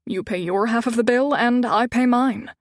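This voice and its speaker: A woman's voice: fairly high pitch, normal speed, dry recording, clean studio sound, close to an everyday voice. A woman voicing a suave, confident man who talks in an easygoing, teasing way. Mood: playful.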